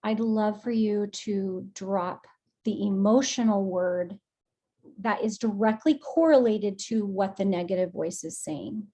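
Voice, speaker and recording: A woman guides an emotional release session for a group on a video call. She speaks at a slow, unhurried pace. Her manner is affectionate and encouraging, and she sits in the middle of the usual range for pitch. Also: dark tone.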